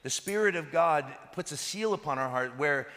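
A man, a pastor, giving a sermon that is full of lively stories. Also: a little high, moderate pace. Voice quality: animated, laughs between anecdotes. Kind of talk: sermon with storytelling. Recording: reverberant hall.

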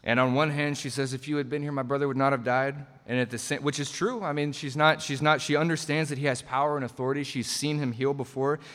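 A man's voice: medium pitch, steady tone, quick pace, few pauses, fairly bright tone. A man preaching a sermon in a conversational way, slipping into quoted voices as he retells the passage. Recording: long hall reverb.

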